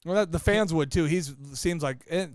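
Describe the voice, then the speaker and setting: A man's voice: fairly high pitch, normal speed, a little mellow, no echo, studio quality. A man co-hosting a podcast in casual chat, matter-of-fact and keeping track of the details. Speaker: podcast co-host.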